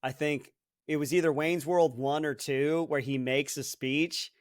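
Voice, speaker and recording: A man's voice: on the high side, steady tone, measured pace, no echo, clean studio sound. A man co-hosting a podcast, guessing quiz answers aloud in a rambling, laughing way. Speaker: podcast co-host, quiz contestant. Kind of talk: casual chat.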